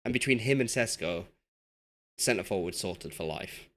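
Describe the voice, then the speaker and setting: A man's voice: deep voice, animated, unhurried, a bit bright. A young man with a Yorkshire accent chatting casually with his live chat while playing a football management game, self-deprecating and talkative. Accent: Yorkshire English. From Yorkshire, England. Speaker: streamer. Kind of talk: casual live-stream commentary.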